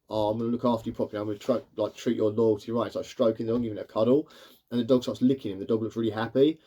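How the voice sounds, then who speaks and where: Casual male reviewer, rapid and rambling, average pitch. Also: darkish tone. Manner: rambling, leans on fillers like "sort of" and "like". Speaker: cartoon reviewer.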